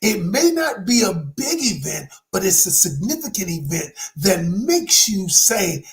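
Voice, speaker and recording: A man's voice: high-pitched, sing-song, measured pace. A man, a relationship coach telling a personal story in a dramatic, emphatic motivational talk that speaks straight to the audience.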